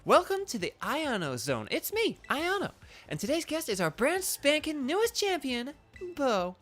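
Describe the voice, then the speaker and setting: A bubbly young streamer girl and gym leader, pitched high above the speaker's own voice, as a woman puts her on. She rattles off showy greetings with a lively, swooping melody. The voice sounds a bit congested and dry. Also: normal speed, soft background music, heavily acted. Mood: peppy. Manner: peppy, showy streamer patter. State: congested nose, dry throat. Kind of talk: game character voice during playthrough.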